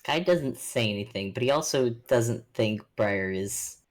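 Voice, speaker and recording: A woman with a strikingly low voice plays a tabletop game, chatting casually. She thinks aloud with an amused tone. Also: animated, measured pace. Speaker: player.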